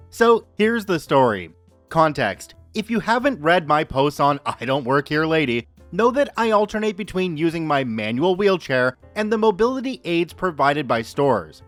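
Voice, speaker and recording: A man hosting a story podcast, reading listener posts aloud in a lively, expressive way. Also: on the high side, no echo. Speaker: podcast host reading stories. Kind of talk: narrating Reddit stories.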